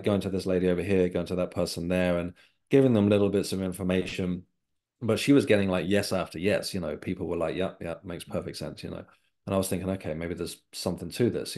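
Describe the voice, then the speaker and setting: A man's voice: sits low, darkish tone. A man from England, a guest in an interview, telling a personal story in a reflective, sincere way. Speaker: guest, author and developing medium.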